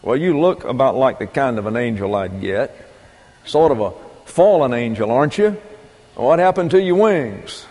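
A man's voice: medium pitch, animated, normal speed, a little mellow, lightly acted. A man voicing a despairing, sarcastic man at the end of his rope in a retold film story. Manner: sarcastic, agitated. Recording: long reverb.

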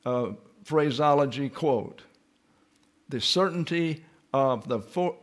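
A man teaching a Bible lesson in sermon style, reading scripture and reference texts aloud and explaining them step by step. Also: fairly high pitch.

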